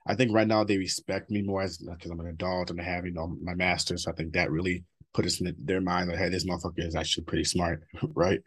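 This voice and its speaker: A man in his thirties as an interview guest, talking bluntly and profanely about his past, with laughs between stories. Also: low-pitched. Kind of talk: candid personal interview.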